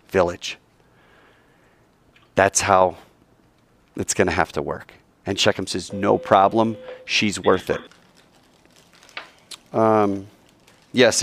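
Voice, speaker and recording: A male teacher telling a Bible story to a class in an animated, digressive way, acting out the characters. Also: fairly low pitch, no room sound.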